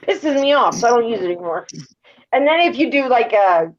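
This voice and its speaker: Animated high-voiced woman telling stories. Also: a little fast, muffled recording. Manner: animated, swearing, acts out quoted dialogue. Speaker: host of a live voice chat room. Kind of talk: casual storytelling chat.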